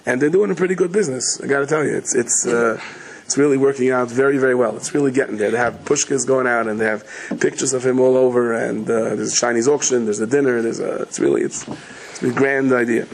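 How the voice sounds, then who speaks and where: A middle-aged man giving a sermon as a rabbi, telling stories in a rapid, chatty, joking way. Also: medium pitch, gravelly, a little hiss or hum, poor audio. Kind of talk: sermon with humorous storytelling.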